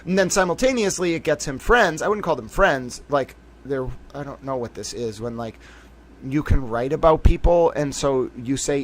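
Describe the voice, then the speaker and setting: A man doing casual livestream commentary on court cases, rambling and animated, swearing freely with sudden bursts of excitement. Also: medium pitch, normal speed.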